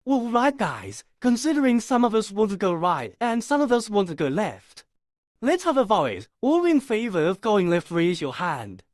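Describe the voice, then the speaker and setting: A woman's voice: medium pitch, big pitch swings, moderate pace, darkish tone, dry recording, clean studio sound, close to an everyday voice. A woman voicing a drunk male cat-folk monk who slurs his words with smug carelessness. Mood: lazy. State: drunk, slurring.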